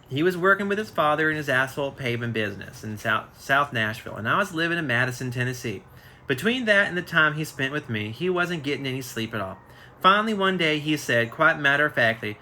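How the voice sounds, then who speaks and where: A man with a slightly high, sharp voice reads a biography aloud on a casual live stream, often slipping and correcting himself. He's picked up by a phone, with a little background noise.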